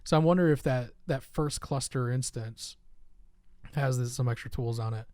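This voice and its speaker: Man co-hosting a design stream, mid pitch, dry close sound, muses out loud. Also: moderate pace, dry recording. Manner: thinks aloud, musing and drawn out. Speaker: software designer streaming with a partner. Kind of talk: casual design discussion on a live stream.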